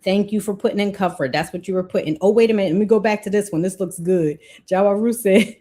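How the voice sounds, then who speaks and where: A woman, hosting a casual live-stream budgeting talk, chatty and quick to laugh, breaking off her own sentences. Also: medium pitch, warm tone. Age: 40s. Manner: chatty, laughs often, self-interrupting. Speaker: livestream host.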